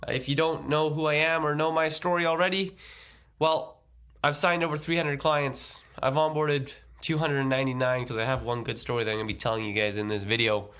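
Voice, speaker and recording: A man's voice: a little high, steady tone, a little fast, fairly bright tone. A man running a casual tutorial, chatty and explaining things step by step. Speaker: agency owner teaching a course.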